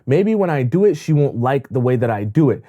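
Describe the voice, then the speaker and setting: A man's voice: mid-range voice, big pitch swings, fairly quick, lo-fi sound. A man voicing an anxious, self-doubting boyfriend who frets about failing. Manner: worried, self-pitying.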